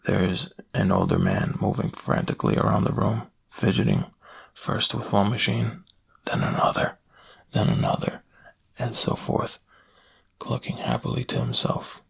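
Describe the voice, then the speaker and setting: A man giving a slow, hushed first-person reading of a creepy story in soft-spoken ASMR narration, close to the mic. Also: lowish voice, fairly even intonation, creaky, breathy edge.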